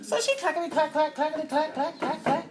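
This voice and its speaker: A middle-aged woman tells a personal story as a mother, pitched a little high. She acts out voices and sound effects with loud bursts. Faint background noise hums under the recording. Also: fairly even intonation, a little fast. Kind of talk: animated storytelling to an audience.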